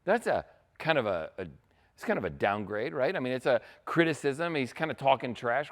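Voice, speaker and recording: A man's voice: mid-range voice, sing-song, moderate pace, a bit bright. Guy pastor giving a sermon, laid-back and chatty, keeps asking "right?". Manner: casual, conversational preaching with frequent "right?" asides.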